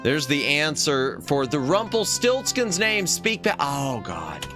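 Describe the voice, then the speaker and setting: A man's voice: fairly high pitch, sing-song, slow, music in the background. A man streaming a retro adventure game, thinking aloud in casual commentary and reading the game text aloud.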